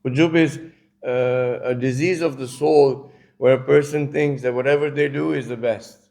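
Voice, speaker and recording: Gravelly-voiced man giving a casual sermon. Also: medium pitch, fairly even intonation, moderate pace, warm tone. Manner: casual, storytelling, many asides. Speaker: religious lecturer. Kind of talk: conversational sermon lecture. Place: community centre lecture.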